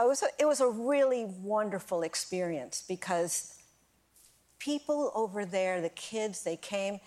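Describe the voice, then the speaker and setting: A woman's voice: medium pitch, a little mellow. Older woman chatting cheerfully about touring. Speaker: bassist, band guest. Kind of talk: talk-show interview reminiscing.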